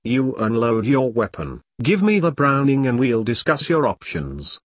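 A man voicing a stern but caring army captain with clipped, commanding speech and a husky voice. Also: mid-range voice, big pitch swings, measured pace, no echo, clean studio sound. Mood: gentle.

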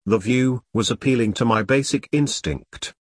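A man narrating a first-person detective novel in a wry, deadpan, self-mocking way. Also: mid-range voice, normal speed, slightly rough, no room sound, clean studio sound. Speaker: audiobook narrator.

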